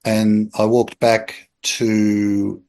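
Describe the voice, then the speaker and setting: Australian man telling a lively story. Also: lowish voice, extremely slow. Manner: animated storyteller, acts out quoted voices, chuckles. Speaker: podcast guest. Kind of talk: casual anecdotal storytelling.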